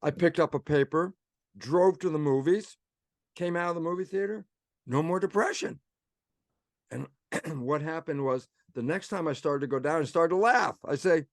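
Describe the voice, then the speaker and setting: Animated older male storyteller, dry sound. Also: fairly high pitch, moderate pace, no room sound. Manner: animated storyteller, acts out inner voices. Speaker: guest. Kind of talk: storytelling interview talk.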